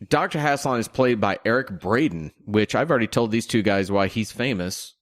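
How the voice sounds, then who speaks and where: A man's voice: lowish voice, moderate pace, no room sound, studio quality. A man co-hosting a podcast in casual chat, picking apart film details as he thinks aloud. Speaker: podcast co-host.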